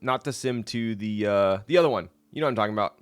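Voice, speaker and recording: A man's voice: on the low side, fast, clear, resonant tone. A young man casually chatting on his live stream, laid-back and rambling, laughing often and reading chat aloud.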